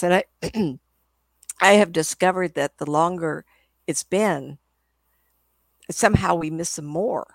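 Gravelly older woman telling stories. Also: fairly low pitch, a little slow, long pauses, no room sound. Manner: rambling, chatty storyteller. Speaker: psychic medium guest. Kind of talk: casual storytelling interview.

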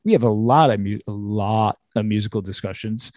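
Gadatliwy gospodarz podcastu, suchy dźwięk. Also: male voice, fairly low pitch, brisk, dark tone, no echo. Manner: upbeat, chatty, laughs often. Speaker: podcast host. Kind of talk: casual podcast chat.

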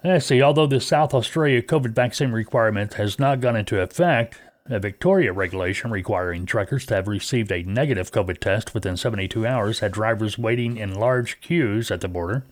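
A man's voice: lowish voice, fairly quick, few pauses, no room sound. A man hosting a trucking podcast, talking casually in a folksy, rambling way with many fillers and restarts.

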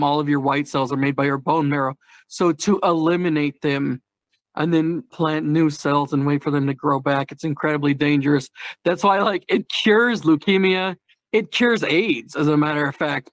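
A man's voice: on the high side, dry recording. A man chatting casually on a podcast, telling stories in a candid, darkly humorous way, often laughing. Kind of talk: casual chat.

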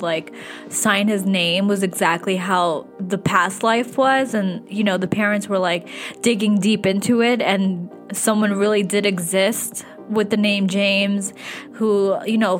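A young woman vlogging in casual chat to the camera, excitable and chatty, leaning on "like" and swearing freely. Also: medium pitch.

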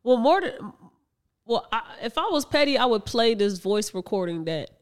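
Smooth-voiced podcast co-host telling stories. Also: mid-range voice, sing-song, moderate pace. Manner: chatty storyteller, laughs often, restarts mid-sentence. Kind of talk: casual chat.

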